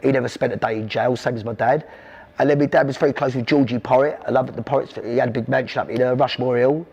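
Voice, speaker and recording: A man's voice: mid-range voice, steady tone, quick pace, creaky, darkish tone, breathy edge, muffled recording. A middle-aged man from South London with a South London accent, telling long rambling stories about his father in an interview. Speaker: podcast guest. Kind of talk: storytelling interview.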